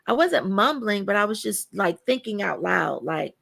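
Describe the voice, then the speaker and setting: This podcast guest has a mid-range, creaky voice and a moderate pace. She tells her stories animatedly, voicing the people she quotes, and talks in a casual, emphatic way, repeating words for stress.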